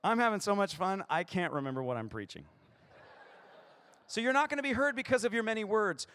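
A man's voice: high voice, animated, brisk, pushed and bright, big-room sound. A male pastor preaching a playful sermon, acting out short voices in his stories.

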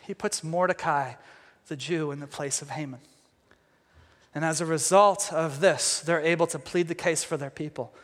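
A man preaching a sermon, retelling a story with animated storytelling and acting out the characters. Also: high-pitched, big-room sound.

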